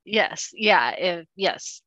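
Forceful-toned playful woman podcast co-host. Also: lowish voice, expressive, drawn-out words, no room sound. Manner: playful, teasing. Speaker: podcast co-host, beer educator. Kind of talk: casual podcast chat.

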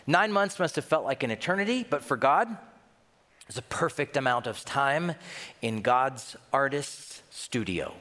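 A man's voice: a little high, sing-song, unhurried, a bit bright, long reverb tail. A man pastor preaching a sermon emphatically, with rhetorical questions.

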